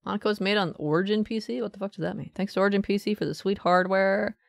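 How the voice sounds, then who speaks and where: A woman streaming a game, talking casually, swearing and joking as she rambles, now and then popping into a squeaky put-on voice. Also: fairly even intonation, fast talker, creaky, no room sound, clean studio sound. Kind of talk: casual live-stream commentary.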